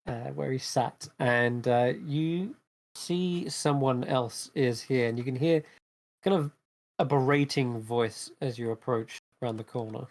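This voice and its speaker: A man's voice: mid-range voice, measured pace. A man narrating a tabletop game as game master in a casual, rambling way.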